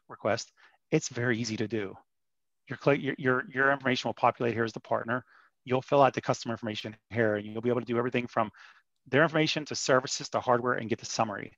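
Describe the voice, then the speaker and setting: Gravelly guy pitching his partner program, upbeat, dry muffled audio. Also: a bit bright, dry recording. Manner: upbeat, persuasive, many restarts. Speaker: vendor presenter. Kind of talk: webinar sales presentation.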